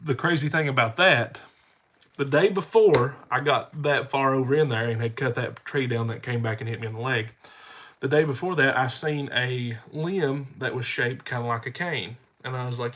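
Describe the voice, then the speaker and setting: This man talks at a moderate pace in a mid-range, somewhat bright voice. As a channel host with a cold-clogged nose, he tells rambling, homespun stories to the camera, circling back to repeat things.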